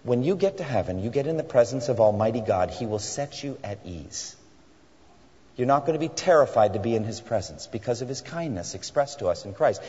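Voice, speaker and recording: A man with a middle-pitched, slightly husky voice preaches earnestly, slowing down to dwell on each phrase. The sound is a little dull, and a long reverb hangs in the large hall around him. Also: animated, mellow. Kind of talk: sermon.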